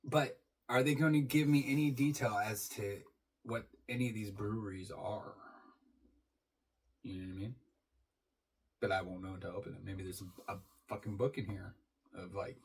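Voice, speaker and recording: A man's voice: fairly low pitch, fairly even intonation, moderate pace, pauses often, husky, poor audio. A man talking casually through an unboxing for his channel, rambling and swearing freely as he goes. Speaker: beer reviewer.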